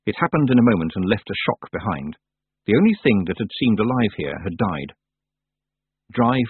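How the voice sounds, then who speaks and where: A man reading a fantasy story aloud as narrator, in a lively, expressive way. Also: fairly low pitch, slightly rough, no room sound. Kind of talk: audiobook reading. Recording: tinny phone-like dry sound.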